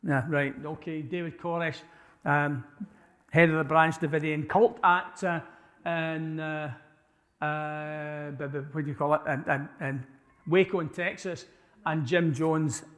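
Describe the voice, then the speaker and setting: A man's voice: fairly high pitch, steady tone, measured pace, fairly bright tone. A man giving an apologetics talk to a church audience, conversational, putting questions to the listeners and restarting his sentences often. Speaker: church speaker. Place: church hall. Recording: live church hall with long reverb.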